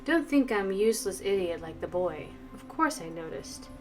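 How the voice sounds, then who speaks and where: A woman voicing a stern, menacing knight who speaks in a calm, level, commanding tone while playing a story game. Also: mid-range voice, normal speed, soft background music, lightly acted. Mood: cold commanding.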